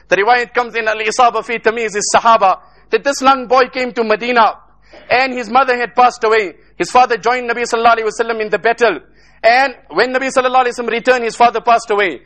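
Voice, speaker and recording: A man's voice: very high voice, fairly even intonation, quick pace, a bit bright. A man from South Africa giving an emotional sermon, telling stories in repetitive rhetorical phrases mixed with Arabic. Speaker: Islamic speaker.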